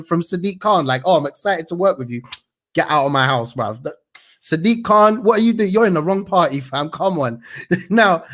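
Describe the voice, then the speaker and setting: Slangy man ranting on the news. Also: fairly high pitch. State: slight cough. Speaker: news show host. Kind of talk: casual news commentary.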